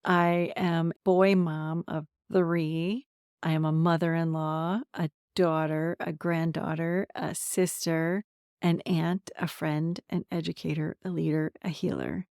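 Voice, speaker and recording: A woman's voice: low voice, level tone, slow pace, a little mellow, clean tone, no room sound, clean studio sound. A woman in her forties from central Pennsylvania hosting her own podcast, talking candidly about herself and laughing often. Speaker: podcast host, somatic transformation coach. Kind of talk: personal solo podcast talk.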